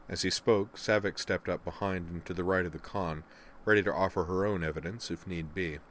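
Deep-voiced male narrator, steady audiobook read, faint background noise. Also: brisk, few pauses. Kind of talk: scripted narration.

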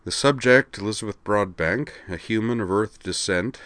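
A man voicing a calm, formal male alien who speaks quietly and dryly. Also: fairly low pitch, moderate pace, no room sound, lightly acted. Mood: reading aloud.

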